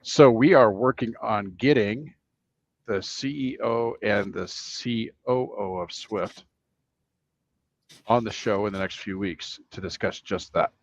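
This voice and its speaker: A man co-hosting a trucking livestream, calmly explaining news and reading answers aloud. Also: lowish voice, unhurried, highs cut off. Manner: calm, informative, reads answers aloud. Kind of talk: casual livestream chat.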